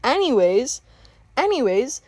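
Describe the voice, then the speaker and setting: A young woman chatting casually while painting, telling a work storytime in an animated, exclamatory rant. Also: high voice, a little slow, no room sound. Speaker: art vlogger telling a story time.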